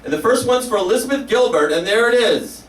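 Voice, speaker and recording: A man telling a comic personal story live on a small cafe stage, animated and self-mocking. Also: high-pitched, brisk, recorded from a distance, slight background noise. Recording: roomy live cafe, mic from afar.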